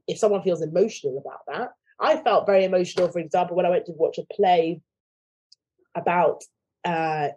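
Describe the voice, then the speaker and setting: Woman, lowish pitch, mellow, interview guest, thoughtful, mimics quoted voices. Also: breathy edge, rough recording. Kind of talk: conversational interview.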